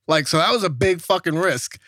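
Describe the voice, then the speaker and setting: A young man with a slightly high voice recounts a story, cursing and jumping into other people's voices as he goes. The sound is close and dry, with no room around it. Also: a little fast, dry recording. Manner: animated, profane, acts out voices in his story. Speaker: guest telling a story. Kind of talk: casual storytelling.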